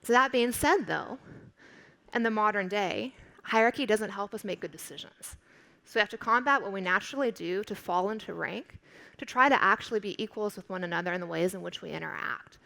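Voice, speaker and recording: A woman professor delivers a keynote from a conference stage, her mid-pitched voice carrying a gravelly edge of fry. She speaks in a clear, instructive and emphatic way. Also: fairly quick, sharp tone, poor audio.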